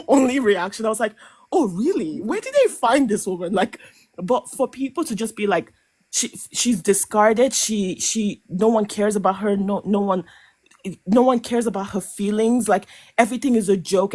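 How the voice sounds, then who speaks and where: Woman panel guest, impassioned live commentary, halting restarts, emotional edge, mid pitch. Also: darkish tone. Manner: emphatic, halting with many restarts and stammered repeats. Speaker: panel guest on a reality show podcast.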